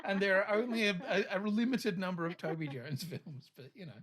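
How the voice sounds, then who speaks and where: A woman's voice: medium pitch, animated, brisk, crowd noise. A woman co-hosting a podcast in casual chat, wry and sarcastic, swearing casually. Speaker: podcast co-host.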